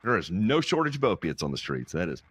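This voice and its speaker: A man's voice: sits low, big pitch swings, fast talker, a bit bright, slightly rough, no echo. A man co-hosting a podcast in casual banter, laughing often and swearing freely. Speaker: podcast co-host.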